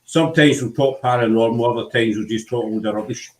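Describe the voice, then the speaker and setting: A man's voice: medium pitch, quick pace, poor audio. A man hosting a casual live-stream chat, laid-back and rambling with lots of fillers. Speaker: host.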